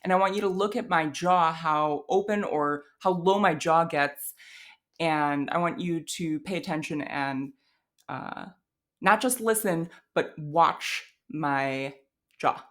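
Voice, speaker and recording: Woman, Midwestern American accent, language teacher, slow relaxed delivery, fairly low voice, casual lesson, thinking aloud with fillers. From Wisconsin, USA. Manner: thinks aloud with fillers, demonstrates sounds, laughs lightly.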